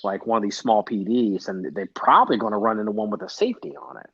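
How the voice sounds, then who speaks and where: A man's voice: fairly low pitch, lively intonation, quick pace, fairly bright tone, breathy edge. Man, podcast host, casual rambling chat, profane, dull lo-fi recording. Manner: rambling, profane, self-interrupting. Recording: dull lo-fi sound.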